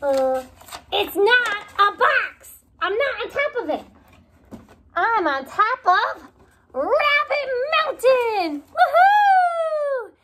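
A woman voicing an excitable, playful young rabbit who shouts sound effects and pretend games in a children's storybook reading. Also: very high voice, slow pace, background noise, voice pushed up, exaggerated voice. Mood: excited, playful.

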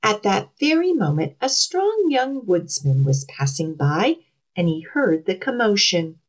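Woman children's librarian, storytime read-aloud, very expressive, slow, outdoors. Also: mid-range voice, poor audio. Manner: expressive, animated, storyteller's lilt.

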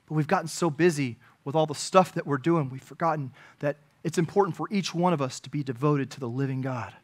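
A man preaching to his congregation in a fairly high voice. His delivery is earnest, building to emphatic, raised moments and then dropping to hushed, personal remarks. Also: brisk. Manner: earnest preaching, rising to emphatic peaks and dropping to quiet asides. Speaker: pastor. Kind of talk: sermon.

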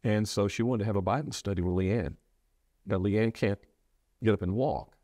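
A low-voiced middle-aged man speaks with earnest, halting sincerity, often stumbling and restarting mid-thought. He sounds like a preacher recounting something personal. The recording is dry and close, with no room sound. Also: mellow, no echo. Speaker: preacher sharing his loss. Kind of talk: reflective interview talk.

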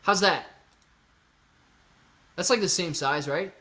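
A man hosting a casual livestream Q&A. He reads out viewer comments, gets excited, thinks aloud and repeats himself. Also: sits high, slow pace.

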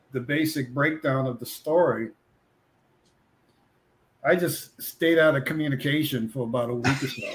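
Brief: male comic artist guest, higher-pitched, animated storyteller. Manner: animated anecdote teller, acts out quoted voices. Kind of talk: casual storytelling chat.

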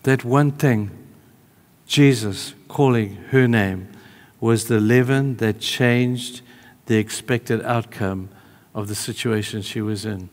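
A man preaching a sermon in a church hall, conversational, moving between emphatic calls and hushed, tender asides. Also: on the low side, takes it slowly.

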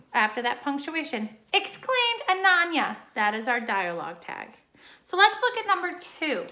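Bright-voiced woman teaching a grammar lesson. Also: high voice. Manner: patient, explains step by step. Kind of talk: recorded online grammar lesson.

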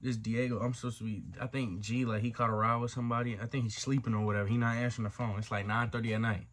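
A young storytime vlogger tells a tale on his channel in a loose, slangy, profane monologue, slipping into the voices of the people involved. He talks fast at a medium pitch with little pitch movement and a fairly bright tone.

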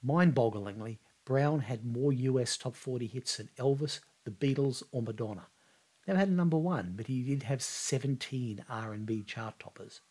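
A man at a middle, ordinary pitch tells a scripted history story with vivid, measured storytelling. He builds the tension and then steps back to a calmer, reflective tone, holding the line like a podcast host. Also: husky.

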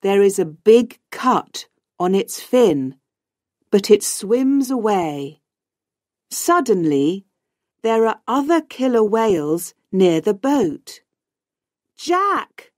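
Woman narrator for learners, clear and unhurried, dry close sound. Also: mid-range voice, big pitch swings, darkish tone, no echo. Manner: slow, clear, simple reading. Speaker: audiobook narrator. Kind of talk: graded reader narration for learners.

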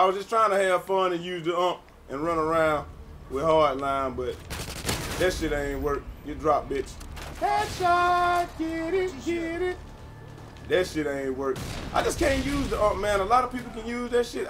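A young man with a fairly high voice trash-talks his way through a shooter match, swearing freely and jumping into sudden yells. Gunfire and explosions from the game rattle loudly behind him, and his talk stays loose and casual in between the outbursts. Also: sing-song, moderate pace, background noise. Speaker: gamer playing with a friend. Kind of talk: casual live gameplay commentary.

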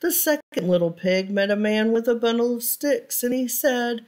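A woman reading a children's picture book aloud for storytime, pausing to ask her listeners questions. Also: fairly high pitch, a little mellow.

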